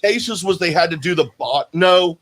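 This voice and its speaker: A man's voice: high voice, lively intonation, normal speed, fairly bright tone. A man co-hosting a podcast, joking bluntly and crudely in casual chat. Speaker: podcast co-host.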